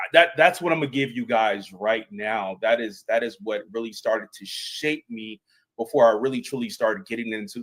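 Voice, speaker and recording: A man's voice: on the low side, fairly bright tone, low-quality recording. A man, a former airman, telling a personal story on a panel, earnest and emphatic with frequent restarts. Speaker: panel guest, veteran.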